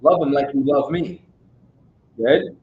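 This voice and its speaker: A man's voice: medium pitch, slow pace. A man teaching a Bible study in a casual, emphatic way, constantly checking that his listeners follow him. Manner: casual street-style speech. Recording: roomy, dull sound with faint noise.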